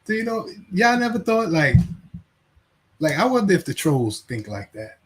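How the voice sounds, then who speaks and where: A man's voice: high-pitched, very animated, normal speed, fairly bright tone. A man hosting a casual livestream, rambling, laughing and reading chat names aloud. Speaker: livestream host.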